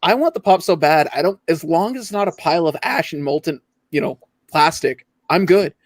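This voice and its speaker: A man's voice: fairly high pitch, fairly quick, dry recording, poor audio. A man from Ontario, hosting a casual late-night collectors' chat, laughing often and trailing off mid-thought. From Ontario, Canada.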